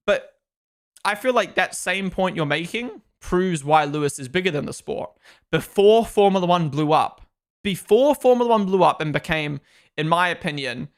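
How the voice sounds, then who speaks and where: A man's voice: fairly high pitch, fairly bright tone. A man in his twenties with a New Zealand accent, hosting a live stream in casual chat, reading viewer comments aloud and answering them. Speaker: livestream host.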